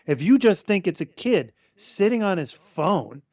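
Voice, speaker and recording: This middle-aged dad, co-host of a sports podcast with his son, delivers an opinionated rant, blunt, emphatic and sometimes profane. He speaks high-pitched and a little slow with big pitch swings. Heavy background noise fills the audio.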